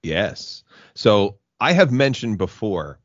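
A man's voice: lowish voice, very animated, slow pace, no echo, dull audio. A man co-hosting a podcast, mostly agreeing briefly and now and then adding a dry quip in casual chat. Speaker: podcast co-host.

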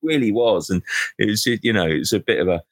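A man co-hosting a podcast, chatting casually with quick, wry asides. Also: fairly low pitch, expressive, no echo. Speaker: podcast co-host. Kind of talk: casual chat.

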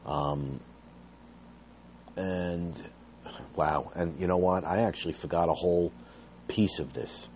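Man, low mellow voice, earnest and agitated personal storytelling. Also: takes it slowly, pauses often, a little hiss or hum. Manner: earnest, agitated retelling with rising intensity. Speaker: fired behavior therapist telling his story.

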